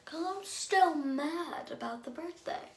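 A young woman telling a casual storytime, chatty and excitable, with many fillers. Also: sits high, slow, a little hiss or hum.

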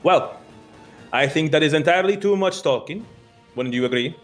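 A man voicing a pompous male military officer and grand showman, with a booming, declamatory, theatrical delivery. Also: expressive, moderate pace, faint music behind, lightly acted. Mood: grandiose.

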